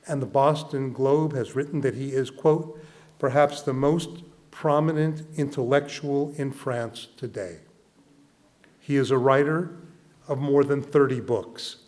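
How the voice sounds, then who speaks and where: A man, a rabbi, giving a formal introduction of a guest speaker and reading quotations aloud in a measured way. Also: mid-range voice, darkish tone.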